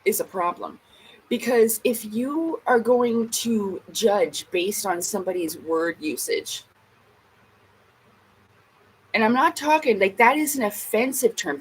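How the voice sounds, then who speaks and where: A woman's voice: medium pitch, lively intonation, a little slow, slight background noise, poor audio. A woman vlogger in a casual ranting monologue, blunt and emphatic, swearing heavily.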